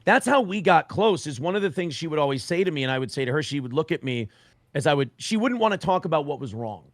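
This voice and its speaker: A man's voice: on the high side, fast talker, no room sound, studio quality. A man in his forties telling a story on a stream in blunt, profane language, acting out what others said. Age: 40s. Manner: blunt, profane, animated retelling with quoted voices. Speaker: guest.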